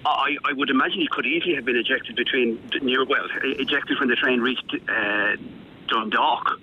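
A man calling a radio show, halting and restarting his words often. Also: medium pitch, bright, forceful tone. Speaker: caller. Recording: dull phone line with faint noise.

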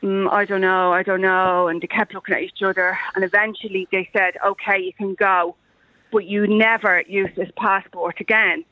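A woman's voice: medium pitch, flat delivery, normal speed, no echo. An Irish woman calling into a radio show, telling a story animatedly and acting out the voices in it. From Ireland. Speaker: radio caller. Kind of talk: phone-in storytelling. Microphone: telephone. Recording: muffled phone line.

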